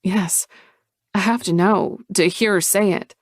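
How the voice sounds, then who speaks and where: A woman voicing a gentle, earnest young woman in an audiobook, speaking softly and a little higher than her narration. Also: steady tone, unhurried, dry recording, studio quality, close to an everyday voice.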